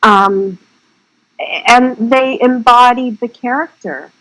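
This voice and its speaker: A woman's voice: fairly high pitch, slow, a bit bright, low-quality recording. A woman guest on an interview podcast, chatting casually and rambling through her stories. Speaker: guest filmmaker.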